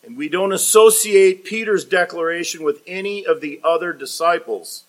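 A man's voice: high voice, normal speed. A man preaching a sermon, emphatic and expository, rising in force when he voices the words of the text. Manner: emphatic preaching, rising loud for quoted lines; expository, reads commentary aloud. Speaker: pastor.

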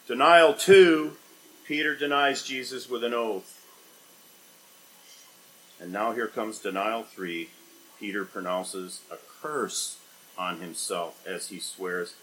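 A man preaching an expository sermon, rising to loud emphatic bursts and dropping to quiet, low scripture reading. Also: takes it slowly, slight background noise, low-quality recording.

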